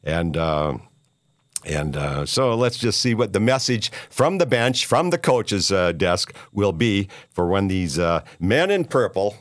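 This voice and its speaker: A man from Minneapolis hosting his own podcast, ranting in a halting, rambling way full of filler sounds and restarts, with a scornful, combative edge. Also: low voice, big pitch swings, no echo, clean studio sound. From Minneapolis, USA. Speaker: podcast host. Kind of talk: solo rant monologue.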